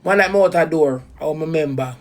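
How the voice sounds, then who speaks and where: A woman's voice: low voice, fairly quick, darkish tone. A woman with a Jamaican accent, ranting heatedly to viewers about a betrayal, swearing in patois. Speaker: vlogger. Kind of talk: emotional personal rant to viewers.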